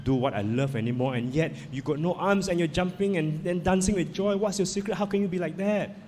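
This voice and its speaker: A man's voice: high voice, fairly quick, a little mellow, in a large hall, a little hiss or hum, voice pushed up, natural voice. A man voicing a despairing male artist who begs a stranger for his secret, speaking. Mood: desperate.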